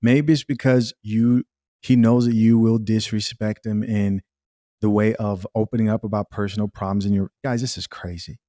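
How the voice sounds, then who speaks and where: A man comments on a clip in a casual, blunt way. His voice sits low, and he passes judgment freely, repeating key words over and over for emphasis. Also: steady tone, moderate pace, mellow.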